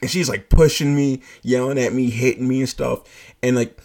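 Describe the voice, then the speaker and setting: A man telling a workplace story in a casual, animated way, swearing and laughing as he goes. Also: medium pitch, normal speed. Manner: animated, profane, laughing asides. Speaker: fast-food shift lead.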